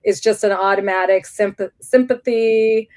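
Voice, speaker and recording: A woman's voice: mid-range voice, normal speed. Candid middle-aged woman telling her story. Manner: candid and animated, restarts often. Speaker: guest sharing her cancer story. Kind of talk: personal storytelling in an interview.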